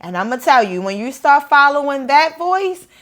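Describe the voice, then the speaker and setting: A woman meditation teacher talking casually to camera in a vlog, energetic and fired up about life. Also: high-pitched, moderate pace. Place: indoors after the gym.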